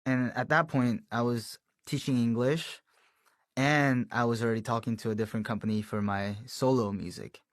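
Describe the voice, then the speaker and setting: A young man recounting his band's beginnings in a relaxed, chatty storytelling manner, laughing now and then. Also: medium pitch, normal speed, dry recording. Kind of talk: casual storytelling.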